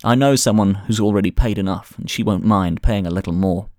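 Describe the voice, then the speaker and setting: A man's voice: on the low side, fairly quick, a little mellow, no room sound, clean studio sound, close to an everyday voice. Man voicing a cool, wry professor type, thriller audiobook. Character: academic man turned adventurer, calm and self-assured.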